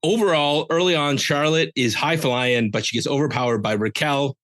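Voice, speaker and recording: Recapping a wrestling show on his podcast, this male host talks at a moderate pace in a slightly high, fairly bright voice, with no room sound. He's jokey and rambling, sprinkling in playful asides.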